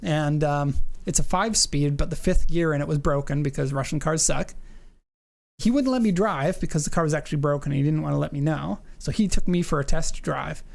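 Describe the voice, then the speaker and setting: A man hosting a casual podcast, telling stories in an animated way and acting out the people in them. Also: on the high side, fairly quick, gravelly. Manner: animated storyteller, acts out the people in his stories. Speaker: podcast host, car exporter.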